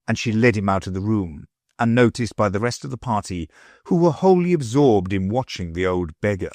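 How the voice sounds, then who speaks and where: A man narrating a classic storybook aloud, with expressive delivery. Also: on the low side, normal speed, dry recording, clean studio sound. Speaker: audiobook narrator. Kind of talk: scripted narration.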